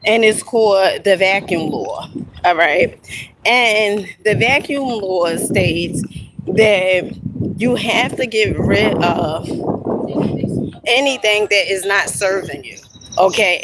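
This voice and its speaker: A woman filming a motivational vlog on her phone at an outdoor lookout. She talks emphatically, tosses in "okay?" and "honey" constantly, and breaks into excited whoops. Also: mid-range voice, background noise. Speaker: inspirational video creator.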